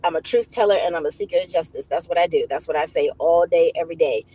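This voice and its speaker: A woman's voice: on the low side, fast talker, husky, rough recording. Profane, laughing woman telling a story. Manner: profane, laughing, animated retelling. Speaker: livestream host. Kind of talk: casual storytelling to viewers.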